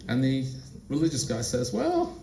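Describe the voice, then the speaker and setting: A man's voice: mid-range voice, normal speed, darkish tone, slight background noise. Man giving a roomy conference talk. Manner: conversational storytelling with audience questions. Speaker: presenter. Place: conference room. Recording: roomy, distant mic.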